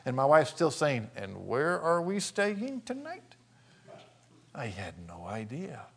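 A man preaching a sermon, telling a personal story, dropping to hushed asides and rising to shouted praise. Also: on the high side, huge pitch swings, takes it slowly, vocal fry, husky.

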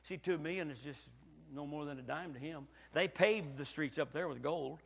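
A Baptist pastor from Indiana preaching a sermon, telling a story and swinging from hushed passages to near shouting. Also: male voice, fairly high pitch, a little fast, creaky.

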